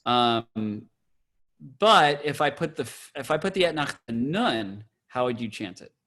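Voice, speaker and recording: A man, a cantor, teaching a Torah trope class over a video call, explaining and then chanting words slowly. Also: mid-range voice, lively intonation, a bit bright, a little hiss or hum. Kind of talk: online Torah trope lesson.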